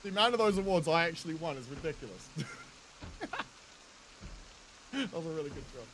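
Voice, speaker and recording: A man's voice: on the high side, lively intonation, brisk, fairly bright tone, a little hiss or hum. A man in his thirties with a New Zealand accent, chatting with viewers in casual, jokey gameplay commentary, laughing often and swearing freely. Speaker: game streamer.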